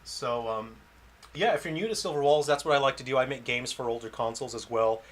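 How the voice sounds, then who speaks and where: With a medium-pitched, somewhat bright voice and a fairly quick pace, a game developer chats casually on his launch stream, playing the game and answering questions from viewers. Faint game music runs underneath.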